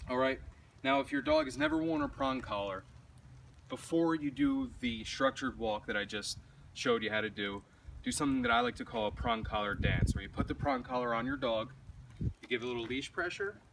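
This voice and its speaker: A man coaching dog owners in a plain, matter-of-fact way, recorded outdoors by a camera set some distance away. His voice comes across slightly distant, with clear traffic and street noise rolling behind him. He sounds like an instructor talking through a demonstration as he goes. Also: mid-range voice. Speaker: dog trainer. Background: passing vehicles and street ambience.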